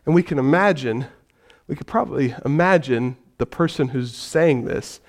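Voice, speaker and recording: A male pastor preaching a sermon in an animated way, shifting from hushed, gentle passages to loud, vivid storytelling. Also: medium pitch, normal speed, gravelly.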